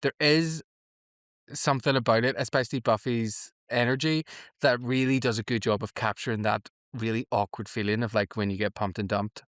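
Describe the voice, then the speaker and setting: A man's voice: medium pitch, steady tone, moderate pace, fairly bright tone, no room sound, clean studio sound. A man, co-hosting a casual TV reaction podcast and retelling scenes with quoted lines. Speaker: podcast co-host.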